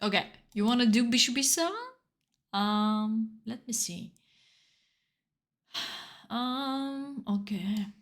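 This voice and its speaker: Emotional Bulgarian-accented woman, slightly high voice. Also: takes it slowly, pauses often. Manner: earnest and encouraging, with broken non-native phrasing. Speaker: chess streamer. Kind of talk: live stream chat while playing online blitz.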